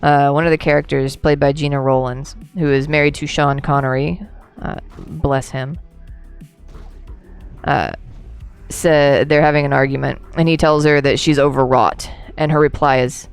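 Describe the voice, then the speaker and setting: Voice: mid-range voice, steady tone, normal speed, gravelly, clear, resonant tone, faint music behind. A game streamer chatting casually through a livestream, rambling, laughing and answering chat, a few drinks in.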